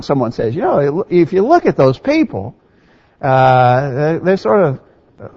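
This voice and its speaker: A man's voice: a little high, very animated, unhurried, a little mellow. A man preaching a sermon with emphatic delivery that rises to fervent peaks. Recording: dull lo-fi sound.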